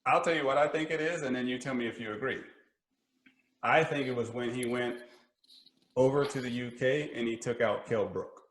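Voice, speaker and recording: A man's voice: medium pitch, moderate pace. Man with an echoey, roomy voice. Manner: lively storyteller, laughs easily. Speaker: podcast host. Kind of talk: casual podcast chat.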